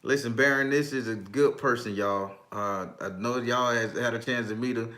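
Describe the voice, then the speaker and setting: A man's voice: medium pitch, steady tone, moderate pace, bright, forceful tone. A man hosting a casual livestream as a tarot reader, talking emphatically and profanely, reading viewers' comments aloud and often laughing. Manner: breaks into frequent laughter.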